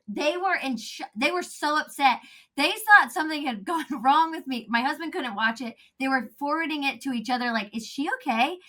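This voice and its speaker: A woman talking as a podcast guest, animated and laughing often, acting out quotes in a casual chat. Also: sits high.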